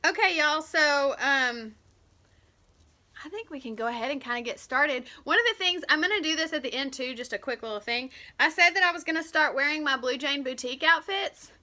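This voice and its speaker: Bubbly high-voiced woman. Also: animated, brisk, pushed and bright. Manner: bubbly and chatty, greeting viewers by name. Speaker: host of a weekly live stream. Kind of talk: casual live-stream chat. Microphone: camera propped on a shoebox.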